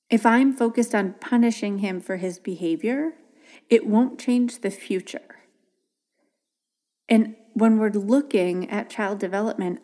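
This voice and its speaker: A woman hosting a podcast, telling a story about a child in a casual, gentle way. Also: medium pitch. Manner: warm storytelling with gentle quoted dialogue. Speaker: podcast host.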